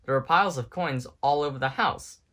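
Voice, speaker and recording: A man's voice: medium pitch, brisk, voice pushed up. A man voicing an earnest male space ranger toy in a storybook reading, with a plain, serious delivery. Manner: earnest, hushed when cautious.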